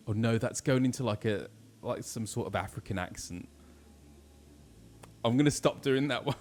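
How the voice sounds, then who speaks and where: A man's voice: medium pitch, normal speed, pauses often, darkish tone. A British man, a voice actor, chatting casually and self-deprecatingly while streaming a game. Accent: British English. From Britain. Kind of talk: casual gameplay chat.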